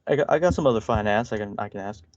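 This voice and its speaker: A man's voice: fairly low pitch, expressive, rapid-fire, a little mellow, dry recording, dull audio. A man co-hosting a podcast, trading crude jokes and mocking impressions, laughing often. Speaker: podcast co-host. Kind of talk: casual comedic commentary.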